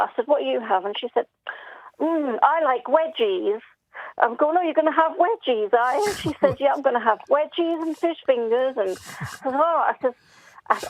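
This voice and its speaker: A woman's voice: sits high, creaky, no room sound. A middle-aged woman with a Northeast English accent, calling in to tell a funny family story and laughing as she talks. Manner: chatty, laughs through her stories. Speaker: caller. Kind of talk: casual phone-in storytelling. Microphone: telephone. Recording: muffled phone line.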